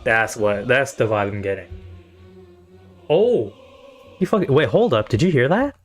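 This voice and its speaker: A male streamer from South Asia talks through his reactions live in a loose, rambling way, swearing freely as he thinks out loud. His voice sits in an ordinary middle pitch, and faint music plays underneath him. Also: very animated, a little slow. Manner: casual, rambling and profane, thinking aloud. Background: faint anthem music playing.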